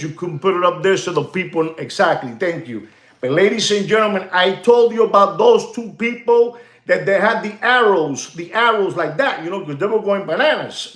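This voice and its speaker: A man hosting a watch market livestream, rambling and repeating himself, calling out to "ladies and gentlemen" and dropping Spanish phrases. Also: high voice, reverberant. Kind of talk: casual livestream monologue.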